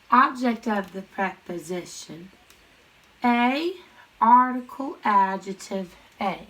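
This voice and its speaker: A woman teaching a grammar lesson, chanting sentence parts in quick questions and answers and speaking to students directly. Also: a little high, pushed and bright, low-quality recording. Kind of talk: recorded classroom lesson.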